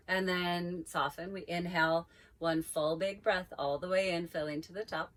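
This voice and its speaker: A woman yoga teacher calmly leading a guided breathing practice with slow, drawn-out cues. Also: lowish voice.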